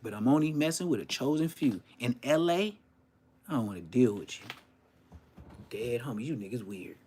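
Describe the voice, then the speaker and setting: A man hosting his podcast in a loud, rambling, profane rant. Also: medium pitch, animated, normal speed, slight background noise. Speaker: podcast host. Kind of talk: casual ranting podcast monologue.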